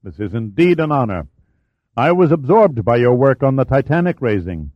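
A man's voice: mid-range voice, very animated, normal speed, dry recording, lo-fi sound. A man voicing a courteous, formal naval commander in an audiobook reading. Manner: formal, polite, smooth.

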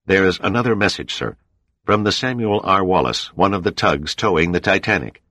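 A man's voice: low voice, moderate pace, a bit bright, no room sound, voice pushed up. A man voicing a formal male official reporting. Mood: grave.

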